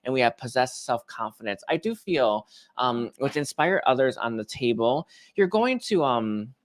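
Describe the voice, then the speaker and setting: A man giving a casual tarot reading, rambling and hesitant, with many restarts and soft laughs. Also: medium pitch, expressive, normal speed, no room sound. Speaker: tarot reader.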